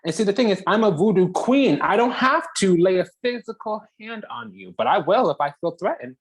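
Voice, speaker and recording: Speaking at a medium pitch with a breathy edge, this spiritual channel host delivers a heated, profane reading. She's very animated, lurching from loud declarations to hushed asides and leaning on dramatic pauses.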